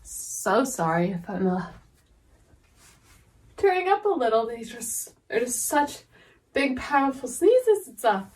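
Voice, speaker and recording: A woman in a sneezing fit, talking haltingly and apologizing between coughs and sneezes. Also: fairly high pitch, very animated, a little mellow, recorded from a distance. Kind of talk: sneeze fetish role-play.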